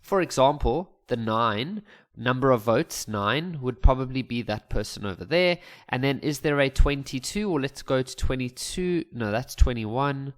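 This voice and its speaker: A man talking through a maths exam paper in a relaxed, chatty way, thinking aloud and adding jokes. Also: mid-range voice, moderate pace. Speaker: maths teacher. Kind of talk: casual explanatory lesson voice-over.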